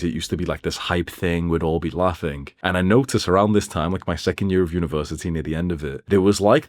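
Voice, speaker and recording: A young man in his twenties, telling a personal story in a casual, swearing, animated way. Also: sits low, dry recording. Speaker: vlogger.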